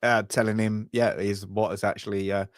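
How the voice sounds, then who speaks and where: A man's voice: lowish voice, flat delivery, moderate pace, no echo, clean studio sound. A man co-hosting a casual film discussion, rambling and trailing off as he recalls scenes. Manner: rambling, trails off, quiet laughs. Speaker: film review co-host.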